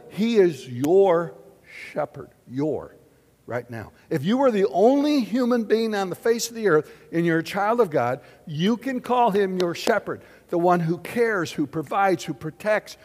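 Animated preacher in an echoing auditorium. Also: male voice, high-pitched, moderate pace. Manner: animated, questioning the audience, big swings in loudness. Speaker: pastor. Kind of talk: sermon.

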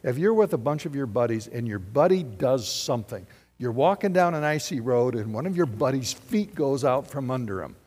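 A man, a pastor preaching a lively, conversational sermon full of rhetorical questions. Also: medium pitch, normal speed, breathy edge, in a large hall.

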